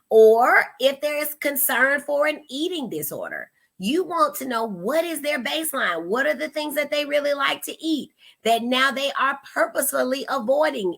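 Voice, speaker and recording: A woman in her thirties with a high-sitting voice hosts a parenting advice talk as a mother, speaking casually to camera. She's animated and expressive, acting out the questions she quotes.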